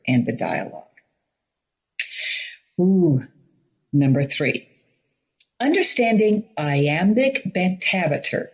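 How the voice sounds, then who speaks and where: A woman's voice: lowish voice, highs cut off. A woman teaching drama, explaining Shakespeare performance step by step in an instructional talk.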